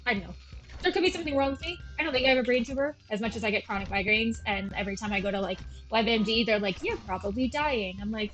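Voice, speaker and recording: A young woman with a fairly high voice rambles through casual gameplay commentary. She talks in a loose, self-mocking way and keeps wandering off topic. Soft music plays faintly behind her. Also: fast, low-quality recording. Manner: rambling, chatty, self-deprecating. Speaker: gaming channel host. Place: at home with her cats.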